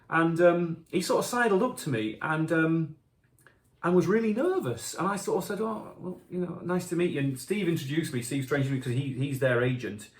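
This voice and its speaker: Man, middle-aged, chatty musician storyteller; slightly higher voice, reverberant room. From Yorkshire, England. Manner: chatty, self-deprecating, animated when telling stories. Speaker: musician answering fan questions. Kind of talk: casual anecdotal storytelling. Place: home kitchen.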